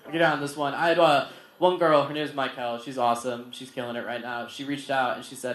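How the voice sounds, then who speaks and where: A young man performing a stand-up comedy set at a barbecue restaurant, acting out other people in raised, animated voices. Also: medium pitch, a little fast, slight background noise. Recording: roomy venue with laughter.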